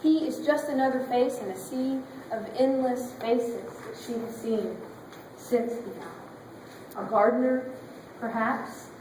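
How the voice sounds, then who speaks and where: A woman pastor preaching with dramatic, emotive storytelling. Her voice is high and her delivery unhurried. She is picked up from far away in a very echoey church sanctuary with a faint ambience. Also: noisy background. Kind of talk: sermon.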